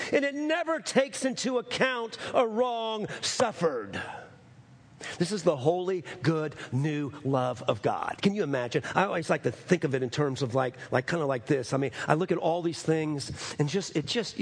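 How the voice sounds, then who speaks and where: A middle-aged man preaching a sermon as pastor, swinging between raised, emphatic lines and low, drawn-out phrases.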